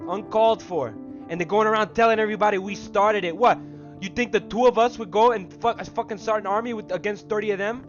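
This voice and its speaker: A man playing in a survival game event, shouting and swearing in heated voice chat. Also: sits high, fairly even intonation, fast talker, dull audio, soft background music.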